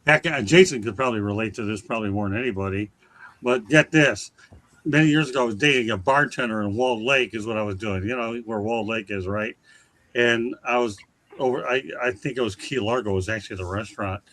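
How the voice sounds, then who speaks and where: A man's voice: fairly low pitch, fairly quick, a bit bright, poor audio. A man hosting a casual talk show, boisterous and folksy, telling stories. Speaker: host. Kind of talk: casual radio chat.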